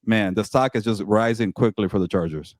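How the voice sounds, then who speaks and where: Fast-talking excitable male sports co-host. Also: lowish voice, no echo, studio quality. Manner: excitable, rapid, repeats words. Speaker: co-host and team reporter. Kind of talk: casual sports talk.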